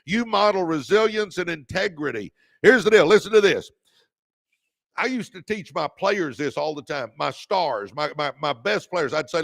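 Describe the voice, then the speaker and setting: A man's voice: sits high, animated, normal speed, creaky, fairly bright tone, no echo, studio quality. A middle-aged man hosting a motivational livestream, fired up, repeating key lines and thanking viewers by name. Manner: calls viewers "baby". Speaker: podcast host.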